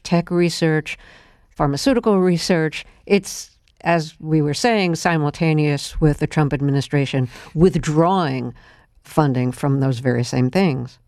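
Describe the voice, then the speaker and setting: Woman, interviewer, smooth clear voice, calm and precise, dry close mic. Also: low voice, measured pace, dry recording. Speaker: radio interviewer host. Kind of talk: radio interview.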